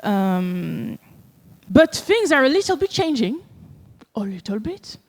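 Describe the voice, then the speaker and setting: A woman with a French accent gives a casual, joking conference talk packed with fillers. Her voice is a little high, very animated and slow, and the conference hall adds a long reverb.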